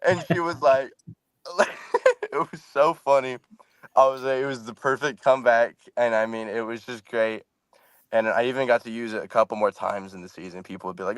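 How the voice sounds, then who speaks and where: A man, a scare actor guest on a podcast, telling an animated story and tossing in "man" as he goes. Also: medium pitch, a little fast, clear, resonant tone, no echo. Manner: animated, laughing storyteller who says "man".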